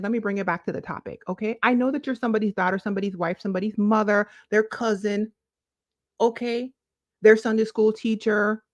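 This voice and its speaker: A woman's voice: medium pitch, a little mellow, no echo, dull audio. Woman preaching self-care, dry close sound. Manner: preachy, affectionate, calls viewers boo-boo. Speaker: lifestyle vlogger. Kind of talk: casual motivational chat to camera.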